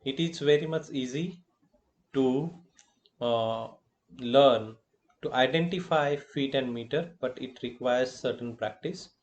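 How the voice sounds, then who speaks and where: Male lecturer, Indian English accent, medium pitch, slow and repetitive delivery. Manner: slow and deliberate, repeating terms with filler phrases. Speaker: college lecturer. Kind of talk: recorded classroom lecture.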